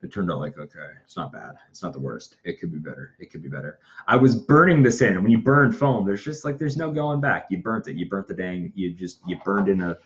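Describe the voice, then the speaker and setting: Working on a prop in his indoor workshop, a young livestream host talks in a low, expressive voice at a slightly fast clip. He makes fun of himself and often mutters or whispers under his breath, and the audio sounds muffled, with a little noise.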